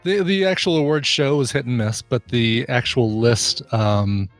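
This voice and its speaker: A man co-hosting a podcast in casual chat, wry and dry, pausing often to hunt for words. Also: mid-range voice, soft background music. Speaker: podcast co-host.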